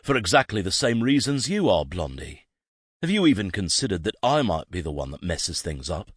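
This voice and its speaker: A man's voice: low-pitched, very animated, normal speed, slightly rough, dry recording, clean studio sound, full character voice. A man voicing a confident, wry male detective who reassures his nervous friend. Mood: reassuring.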